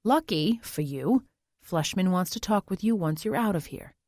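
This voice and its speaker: A woman's voice: on the low side, animated, moderate pace, darkish tone, dry recording, studio quality. A woman voicing a stern male defense attorney who barks orders like a drill sergeant. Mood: stern, commanding.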